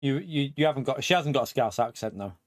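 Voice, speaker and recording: A chatty middle-aged man from England talks casually on a home live stream, laughing often as he goes. His voice sits at an ordinary male pitch. The headset sound is dry and close, with no room around it. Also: expressive, fast, no echo.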